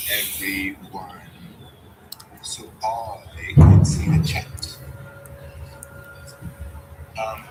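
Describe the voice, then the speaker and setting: A man hosts a casual live trading stream, answering viewer questions bluntly and offhandedly. His voice is medium-pitched, and the low-quality recording has loud background noise.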